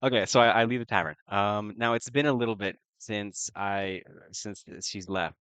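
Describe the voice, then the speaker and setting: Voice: sits low, normal speed, fairly bright tone, clean tone, dry recording. A player in a tabletop game who talks hesitantly with many fillers and laughs often.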